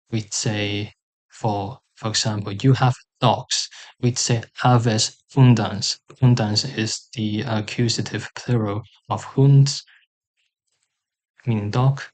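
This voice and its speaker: Slow, careful male language tutor. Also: mid-range voice. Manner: slow and careful, sounding out example words with pauses and fillers. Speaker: language teacher.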